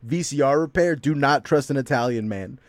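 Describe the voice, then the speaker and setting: A man's voice: mid-range voice, fairly quick, no echo, clean studio sound. A man chatting casually with friends, rambling with lots of fillers and frequent laughter. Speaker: podcast co-host. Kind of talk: casual group chat.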